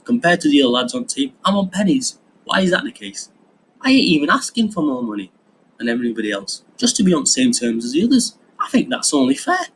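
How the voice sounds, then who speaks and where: A man's voice: a little high, big pitch swings, quick pace, slight background noise, voice pushed up, poor audio. A man voicing a blunt, chummy working-class male employee. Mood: indignant. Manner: chummy, slangy, pushy.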